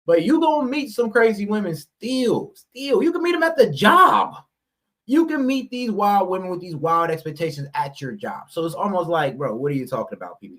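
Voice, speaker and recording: A man's voice: fairly high pitch, a bit bright. A male podcast guest arguing casually in a loose, slangy way, often saying bro. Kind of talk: casual debate.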